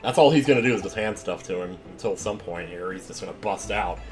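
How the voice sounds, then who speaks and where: Low-voiced joking young game commentator. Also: male voice, expressive, quick pace, over music. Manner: joking, offhand asides. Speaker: let's play commentator.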